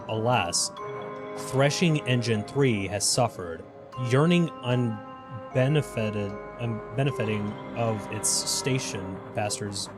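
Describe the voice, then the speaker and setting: A man voicing a corrupted, broken-minded creature in a video game that speaks in halting, disjointed fragments. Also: mid-range voice, close to an everyday voice.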